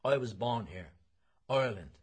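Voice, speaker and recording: A man's voice: medium pitch, animated, normal speed, breathy edge. A man reading the part of an earnest middle-aged man who pleads against hatred, stressing words one by one. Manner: insistent, listing words one by one.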